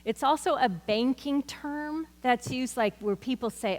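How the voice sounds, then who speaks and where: A woman's voice: high voice, measured pace, hardly any pauses, big-room sound. A woman teaching a Bible study in an earnest, conversational way, mixing scripture with personal stories.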